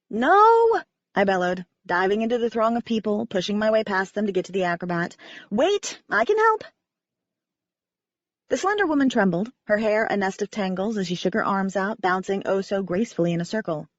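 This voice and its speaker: Woman audiobook narrator, lively pitch, wry, dry dull recording. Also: no room sound. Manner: animated, wry. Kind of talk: first-person audiobook narration.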